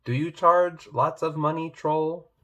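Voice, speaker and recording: A man's voice: on the high side, steady tone, measured pace, fairly bright tone, highs cut off, pitched above the performer's own voice. A man voicing a big male billy goat in a read-aloud picture book. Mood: earnest.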